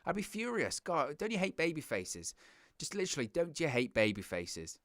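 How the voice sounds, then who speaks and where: A man's voice: fairly high pitch, big pitch swings, moderate pace, fairly bright tone, no room sound, studio quality. A man hosting a wrestling reaction show, ranting in a sarcastic, exasperated way. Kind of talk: casual reaction commentary.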